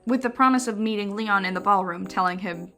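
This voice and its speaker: A woman's voice: mid-range voice, a little fast, music in the background. A young woman narrating a scripted video essay in a wry, conversational way with dry jokes.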